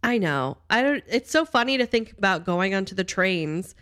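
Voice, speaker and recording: A woman's voice: mid-range voice, expressive, normal speed, a bit bright. A young woman with a mid-range voice and a congested, stuffy sound. She chats easily on a podcast and laughs often. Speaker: podcast co-host. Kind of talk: casual chat.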